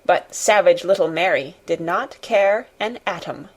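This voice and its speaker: A woman reading a classic novel aloud as an expressive audiobook narrator. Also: fairly low pitch, unhurried. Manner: expressive storytelling. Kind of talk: scripted narration.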